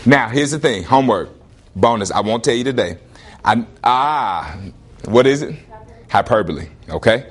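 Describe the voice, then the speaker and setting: A man teaching a classroom lesson, questioning students and repeating prompts in an animated way. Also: mid-range voice, normal speed, breathy edge.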